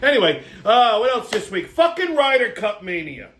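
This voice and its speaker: A man's voice: sits high, big pitch swings, moderate pace, fairly bright tone, a little hiss or hum. A middle-aged man, hosting a show and telling a rambling, blunt story full of swearing and fillers. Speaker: show host. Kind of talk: casual rambling monologue.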